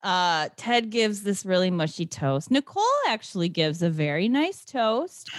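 A woman's voice: lowish voice, expressive, measured pace, no room sound, studio quality. A woman in casual chat, recapping a movie plot with lots of laughter and acted-out quotes.

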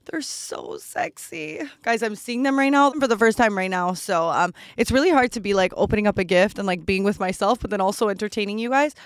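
A woman's voice: medium pitch, fast, few pauses, clean tone, no echo, clean studio sound. A young woman hosting a solo podcast, chatting casually while unboxing gifts, gushing and a little bratty, with lots of "like" fillers. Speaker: podcast host.

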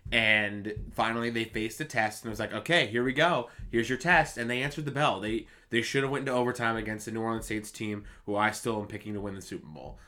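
A man with a low voice and a bright, forceful tone, chatting on a sports podcast. He reels off numbers in quick bursts. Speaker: podcast co-host. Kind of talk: casual sports chat.

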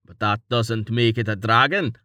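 A man's voice: medium pitch, normal speed, pushed and bright, dry recording, clean studio sound, lightly acted. A man doing a grumpy old retired adventurer. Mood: lecturing.

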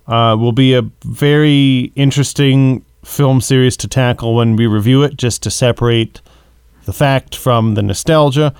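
Smooth-voiced man, measured podcast co-host, dry close mic. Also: mid-range voice, steady tone, a little mellow, no room sound. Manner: rambling, searches for words, measured. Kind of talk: casual movie discussion.

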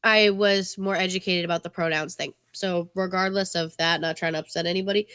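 A woman's voice: fairly low pitch, fairly even intonation, brisk, a bit bright, clear, resonant tone, no room sound, clean studio sound. A woman from New England co-hosting a podcast, telling candid stories and swearing casually. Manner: candid, swearing, chatty storyteller. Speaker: podcast co-host.

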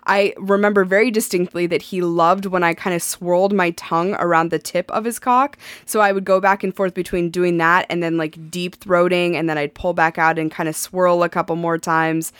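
A woman's voice: lowish voice, clean tone, no room sound. Frank, chatty woman telling a story. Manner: frank, laughing often, lots of "like" fillers. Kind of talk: candid casual storytelling.

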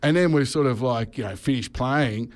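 A man co-hosting a radio show, telling a comic story in an animated way and checking in with lots of tag questions. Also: mid-range voice, normal speed. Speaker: radio co-host.

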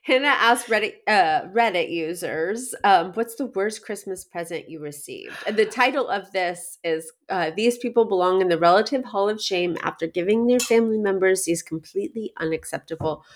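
A woman co-hosting a podcast in casual chat, her voice hoarse from a chest cold, chatty and quick to laugh at herself. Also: mid-range voice. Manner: chatty, laughing, self-mocking. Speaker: podcast co-host.

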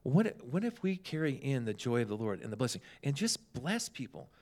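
A man's voice: medium pitch, fairly quick. A man chatting casually, telling humorous stories and acting out the people in them. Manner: humorous, animated storyteller who acts out dialogue. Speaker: guest telling ministry stories. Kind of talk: casual storytelling chat.

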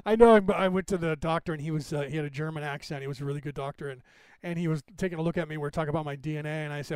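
A man's voice: fairly high pitch, fast, a little mellow, clean tone, dry recording. A man in his fifties hosting a podcast, rambling casually through anecdotes and laughing often. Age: 50s. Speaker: podcast host.

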